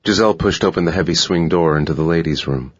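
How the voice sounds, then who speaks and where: A man narrating a thriller audiobook in a steady, measured reading. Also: low-pitched, husky. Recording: dull lo-fi audiobook recording.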